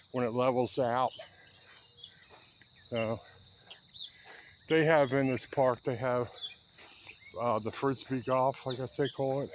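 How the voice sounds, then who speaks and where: Man, 70s, unhurried chatty vlogger on a park walk, faint outdoor hiss. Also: medium pitch, a little mellow. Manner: chatty, rambling, talking while walking. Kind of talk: casual walking vlog.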